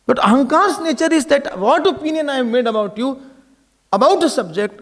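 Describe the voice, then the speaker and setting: Indian-accented male swami, high and gravelly, animated, emphatic sermon voice. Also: a little fast. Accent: Indian English. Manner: emphatic, repeats key phrases, mixes Hindi into English. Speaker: swami giving a spiritual talk.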